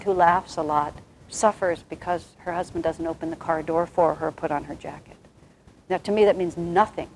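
A soft-spoken woman giving a reflective, rambling spiritual talk, with many restarts. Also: lowish voice, a little hiss or hum, low-quality recording.

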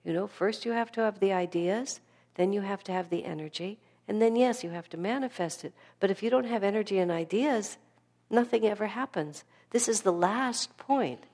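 A woman giving a spiritual class lecture, telling stories in an earnest, animated way. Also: mid-range voice. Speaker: spiritual teacher.

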